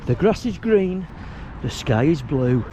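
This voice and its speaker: A man's voice: on the high side, sing-song, slow pace, noisy background. A man, narrating his day in a casual vlog in a chatty, wry, self-mocking way. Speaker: vlogger.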